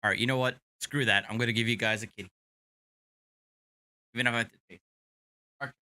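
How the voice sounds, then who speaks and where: A man chatting on his stream in a relaxed, joking way after a few beers. His voice is bright and clean, and the room sounds dry and close. He sits near the mic. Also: medium pitch, quick pace, no echo. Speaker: streamer host. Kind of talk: casual live-stream chat.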